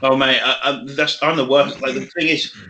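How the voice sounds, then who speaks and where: Young man, bright tone, sweary, laughs a lot, casual podcast co-host. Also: mid-range voice, normal speed. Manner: swears a lot, laughs often, animated storytelling. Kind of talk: casual chat.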